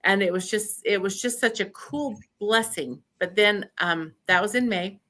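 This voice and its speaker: An older woman from Idaho with a bright, forceful voice, telling stories in an easy, chatty way. She acts out what people said to her and laughs often as she goes. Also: medium pitch, normal speed. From Idaho, USA. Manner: animated storyteller who laughs often and acts out quotes. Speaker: podcast guest. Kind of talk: casual storytelling interview.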